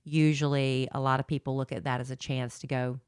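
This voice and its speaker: A woman with a notably low voice chats with her co-host, mixing light teasing with reflective asides. She is recorded close on a dry studio mic, with no roominess. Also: little pitch movement, fairly quick, darkish tone, clear, resonant tone, dry recording. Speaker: podcast co-host. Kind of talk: casual chat.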